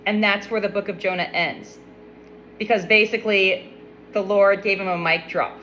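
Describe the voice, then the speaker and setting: A young adult woman retells a Bible story in a casual, chatty way, breaking off for wry, playful asides. Her voice sits at a medium pitch, and a faint hum of noise runs quietly underneath. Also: fairly even intonation, moderate pace, rough recording.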